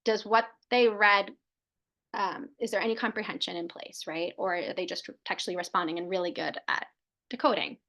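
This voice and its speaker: A woman's voice: medium pitch, fairly even intonation, normal speed, fairly bright tone. A woman presenting a live training webinar, explaining steps and answering questions in a conversational way with frequent fillers and self-corrections.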